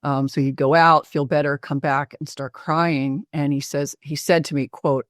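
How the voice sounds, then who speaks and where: A woman physician presenting a patient case in a webinar interview, speaking hesitantly with many pauses and fillers. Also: low-pitched, fairly even intonation, dry recording, studio quality.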